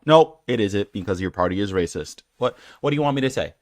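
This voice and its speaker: A man's voice: lowish voice, animated, fast talker, few pauses, no room sound. A man hosting his own channel, rambling through a casual rant with many fillers and restarts, sounding exasperated and incredulous. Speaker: channel host. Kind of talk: casual rant reacting to comments.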